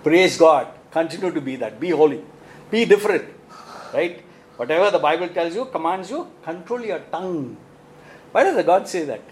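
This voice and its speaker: A man's voice: fairly high pitch, moderate pace, a little hiss or hum, poor audio. A man with an Indian English accent preaching a sermon, asking rhetorical questions and often tagging "right?". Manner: animated, rhetorical questions, frequent "right?" tags.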